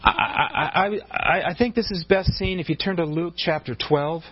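A man with a husky, somewhat high voice delivers an emphatic sermon. He keeps tripping over words and repeating himself before pressing on. The recording is dull and lo-fi, like church audio. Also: normal speed. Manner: emphatic preaching with frequent stumbles and repeated words. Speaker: pastor.

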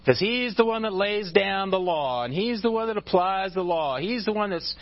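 A man preaching in a high, light voice, with a chatty, stop-start delivery full of restarts. He jokes with his congregation between points. The recording is muffled and lo-fi. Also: animated, normal speed, dry recording. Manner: conversational, with frequent restarts and asides; joking with the congregation. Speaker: pastor. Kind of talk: sermon.

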